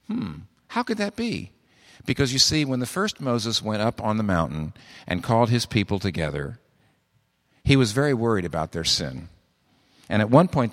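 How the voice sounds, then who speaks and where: Lowish-voiced man preaching in a hall. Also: fairly bright tone. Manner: conversational preaching with frequent restarts and rhetorical questions. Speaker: pastor. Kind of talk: sermon.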